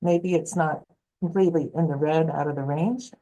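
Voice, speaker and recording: A woman health coach telling stories in an interview, lively and acting out what people said. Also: deep voice, normal speed, slight background noise, low-quality recording. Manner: animated, acts out quoted voices. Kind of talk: storytelling interview answer.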